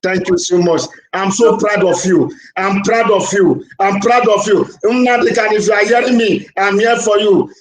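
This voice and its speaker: A man from Nigeria calling in to a talk show, his voice pitched high for a man. He talks in a fervent, repetitive, emphatic way, and the line rings with room echo. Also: normal speed, few pauses. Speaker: caller. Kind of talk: emotional call-in speech.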